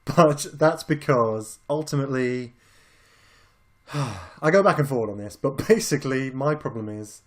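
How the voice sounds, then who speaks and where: A man's voice: medium pitch, expressive, measured pace. Laid-back British man. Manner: laid-back, rambling, swears casually. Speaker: podcast co-host. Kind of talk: casual film chat.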